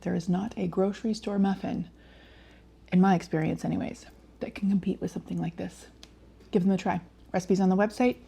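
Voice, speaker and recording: A woman with a warm, mellow voice hosts her own cooking video. She chats casually and with plain enthusiasm about what she bakes, sometimes talking through a bite of food. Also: medium pitch, creaky, slightly rough. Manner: talks while eating. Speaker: cooking channel host.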